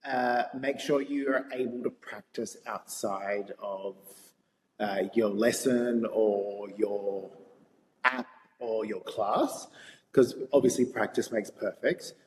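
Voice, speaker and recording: Animated Australian man in a reverberant room. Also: lowish voice, slow pace. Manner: animated storyteller, laughs often. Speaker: guest. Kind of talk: casual interview chat. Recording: reverberant room with faint ambient noise.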